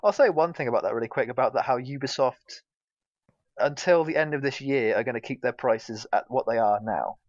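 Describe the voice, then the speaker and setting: A man's voice: medium pitch, brisk, no room sound. A British man co-hosting a gaming podcast, rambling casually with lots of hesitations and fillers. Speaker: podcast co-host. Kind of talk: casual chat. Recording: dull, dry lo-fi mic.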